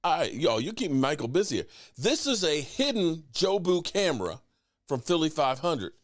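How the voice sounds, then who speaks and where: A man hosting a live sports talk stream, teasing and greeting chat viewers by name in an animated way. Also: a little high, moderate pace, background noise. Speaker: sports show host.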